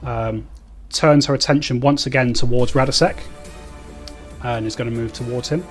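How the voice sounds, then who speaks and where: A man's voice: mid-range voice, steady tone, soft background music. A man narrating a tabletop role-playing game as game master, stopping and restarting often. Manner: halting narration with many fillers and restarts.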